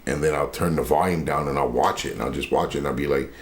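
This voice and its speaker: A man with a Nova Scotian accent and a deep, bassy, raspy voice, chatting loosely as an interview guest. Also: quick pace, slight background noise. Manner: laid-back, loose and rambling. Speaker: rapper and voice actor guest. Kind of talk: casual interview chat.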